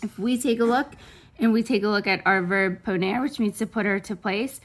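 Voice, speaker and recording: A woman Spanish teacher giving a recorded online grammar lesson, chatty and reassuring, slowly drilling verb conjugations into a close microphone. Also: medium pitch.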